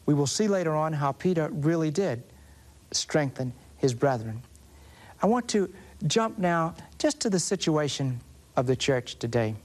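A man with a Southern US accent preaching a Catholic sermon, slowly and deliberately, drawing out key words for emphasis. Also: fairly high pitch, animated, darkish tone. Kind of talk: sermon teaching on scripture.

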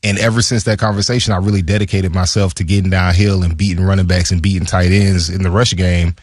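Low, husky man, casual guest storyteller, animated, dry close sound. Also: fast, no room sound. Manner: animated, acts out quoted dialogue. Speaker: former pro football player, guest.

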